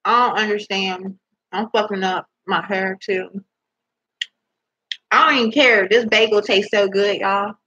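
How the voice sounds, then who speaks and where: Husky young woman chatting while snacking. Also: medium pitch, steady tone, measured pace, long pauses, bright, forceful tone, muffled recording. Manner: chatty, rambling, eating while talking, swearing in disbelief. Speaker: vlogger. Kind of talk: casual chat to camera. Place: at home indoors. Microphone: laptop microphone.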